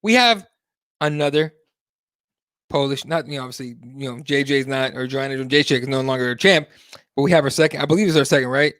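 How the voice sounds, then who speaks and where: A man's voice: mid-range voice, fairly quick, a bit bright, dry recording, studio quality. A man hosting a live MMA talk show, chatting casually and animatedly, swearing freely and reading viewer comments aloud. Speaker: host.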